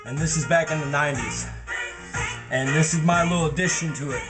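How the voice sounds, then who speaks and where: Man shouting a sing-song motivational rant. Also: fairly high pitch, fairly quick, loud music behind the voice. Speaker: home cook vlogger. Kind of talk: motivational rant, half sung.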